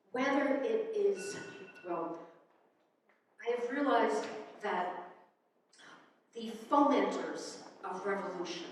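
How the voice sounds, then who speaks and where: A woman in her sixties tells a personal story to a live audience in a wry, conversational way, with plenty of fillers along the way. She is picked up from some distance by the microphone, and her voice rings out through a big, reverberant hall. A faint hum of the room sits underneath her. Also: mid-range voice. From United States. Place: event hall. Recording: echoey hall, distant mic.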